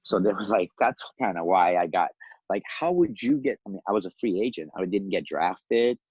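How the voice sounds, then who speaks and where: A man in his fifties from Iran, a podcast guest telling his life story in a lively, animated way, often laughing and acting out the voices of other people. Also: sits low, brisk, breathy edge, dry recording, lo-fi sound. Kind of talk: casual storytelling.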